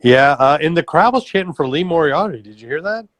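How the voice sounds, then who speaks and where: A man's voice: on the high side, expressive, fairly quick, no echo. A man co-hosting a podcast, making dry jokes and moving the talk from topic to topic. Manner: dry joking, moves the topics along. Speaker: podcast co-host. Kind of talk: casual wrestling review chat.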